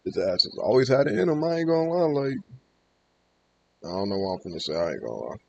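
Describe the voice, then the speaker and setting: A man's voice: medium pitch, very animated, fast talker, mellow, muffled recording, slight background noise. A man hosting a reaction video, chatting casually in a loose, slangy way and often hedging his words. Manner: loose, slangy, hedging with "I ain't gonna lie".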